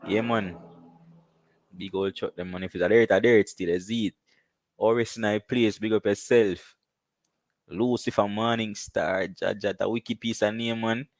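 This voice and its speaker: A Jamaican man with a very low voice hosts a live stream and chats easily with his viewers. He gives big-ups one after another and talks in a loose, rambling way. The sound is dry, with no room echo. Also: fairly even intonation, a little slow. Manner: loose, chatty, giving shout-outs, saying "you see me" again and again. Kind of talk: casual live-stream chat.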